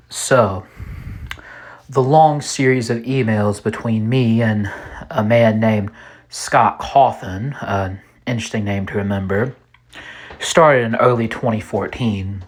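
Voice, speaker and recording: Male narrator for a horror series, unhurried and a little raspy, deliberate and ominous. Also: on the low side. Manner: slow, deliberate, ominous storytelling. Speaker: storyteller. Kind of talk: scripted horror story narration.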